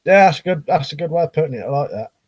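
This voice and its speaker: A man's voice: a little high, expressive, rapid-fire, slightly rough, no echo. A man chatting casually on a live stream, rambling with lots of ums and restarts and reading viewer comments aloud.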